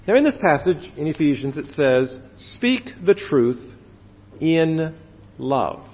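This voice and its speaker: A male pastor preaches in a slightly high, very lively voice, leaning on slow, drawn-out words and then falling quiet. The sound is dull and carries a long hall reverb. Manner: earnest, with slow drawn-out emphasis and sudden drops to quiet. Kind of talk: sermon.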